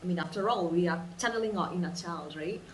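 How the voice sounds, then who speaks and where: A woman leading a guided imagination exercise, telling it in an animated way and repeating phrases for emphasis. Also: on the low side, fast talker, slight background noise. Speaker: vlogger. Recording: roomy sound, distant mic, faint ambience.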